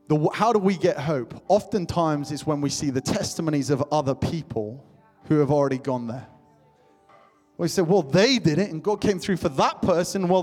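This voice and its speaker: A man's voice: on the high side, a little mellow. Impassioned young male preacher in a reverberant hall. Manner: impassioned, repetitive calls to the congregation. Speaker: pastor. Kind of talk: sermon. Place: church hall. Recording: long hall reverb with faint music.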